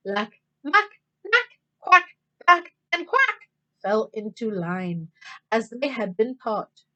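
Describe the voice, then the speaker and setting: A woman teacher reading a picture book aloud to children, expressive and pausing to count along with them. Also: a little high. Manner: expressive, stops to count and talk to kids. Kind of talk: children's storytime read-aloud.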